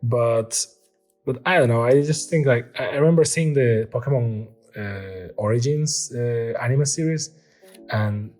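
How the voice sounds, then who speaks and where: A middle-aged man chats his way through opening card packs, rambling and easily excited, reading card text aloud in fits and starts. His pitch sits at an ordinary middle height. Soft music plays faintly behind him. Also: measured pace. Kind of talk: casual unboxing chat.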